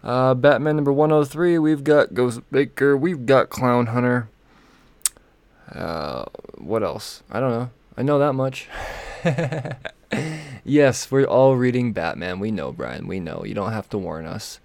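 A man's voice: mid-range voice, animated, a little slow, vocal fry, darkish tone, dry recording. A man hosting a comic book podcast on his own, talking loosely and profanely as he rambles through the week's releases between sips of vodka. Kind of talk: casual solo podcast rundown.

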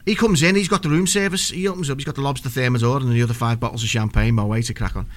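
A man co-hosting a football chat, talking at a rapid clip and spinning loose, digressive stories full of restarts. His voice sits in an ordinary middle pitch. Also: steady tone. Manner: rambling anecdotal storyteller, many restarts. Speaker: podcast co-host.

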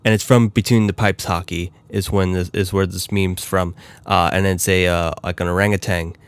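Deep-voiced man rambling about hockey. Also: level tone, normal speed, smooth. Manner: rambling, many fillers and restarts. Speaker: hockey podcast host. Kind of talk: casual solo hockey talk.

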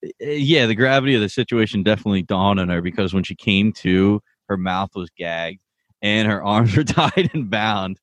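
Laid-back male co-host, animated pitch swings, casual chat, dry close mic. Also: normal speed, no room sound. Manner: laid-back, laughs often, lively ups and downs. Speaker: podcast co-host.

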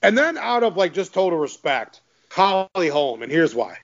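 A man hosts a casual podcast chat, his voice sitting a little higher than most men's. He is enthusiastic, laughs often and stumbles over repeated words. The sound is slightly muffled and lo-fi. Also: sing-song, normal speed. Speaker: podcast host.

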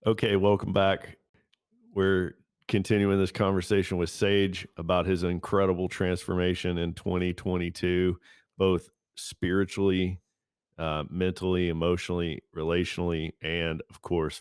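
Podcast host, man, low smooth voice, dry sound, easygoing. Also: normal speed, no room sound. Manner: relaxed, uses fillers, leads the talk. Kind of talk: casual chat.

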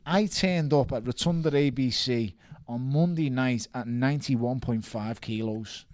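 A man tells his stories with big energy, laughing and bursting into shouted quotes. His voice sits in a middle register. It is recorded close and dry, with no room sound. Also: medium pitch, unhurried, dry recording. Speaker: guest boxer. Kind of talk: podcast storytelling.

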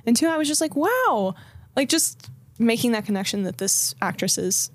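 A woman's voice: fairly high pitch, sing-song, moderate pace. A woman co-hosting a podcast, chatting casually about a TV episode, laughing often and acting out quotes. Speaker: podcast co-host. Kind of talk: casual recap chat.

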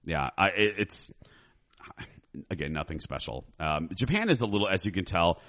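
A man with a low voice chats in a relaxed, easygoing way. He agrees readily and often restarts his sentences. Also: normal speed. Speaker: podcast co-host. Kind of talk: casual chat.

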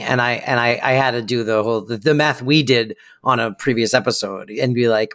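A relaxed co-host at an average pitch who chats easily and agrees often. They laugh along and act out remembered lines in a loose, conversational way. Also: quick pace, few pauses. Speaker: podcast co-host. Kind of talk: casual recap chat.

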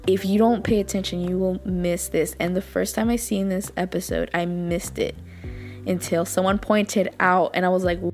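A woman's voice: on the low side, steady tone, moderate pace, a little mellow, faint music behind. A young woman hosting a podcast, chatting casually and gushing in a rambling way, full of fillers and repeats. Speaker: podcast host. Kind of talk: casual chat reviewing dramas.

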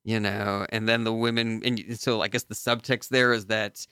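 Playful guy hosting comedy interview, smooth clean voice, dry. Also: fairly low pitch, level tone, moderate pace, sharp tone, no echo. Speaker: host.

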